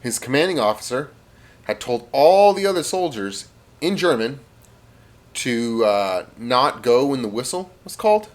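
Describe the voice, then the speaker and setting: A man's voice: mid-range voice, sing-song, a little slow. A man spins a comic tall tale in a loose, rambling way. His voice swings up and down a lot. He throws in fillers and mouth sound effects as he goes. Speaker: storyteller. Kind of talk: casual comic storytelling.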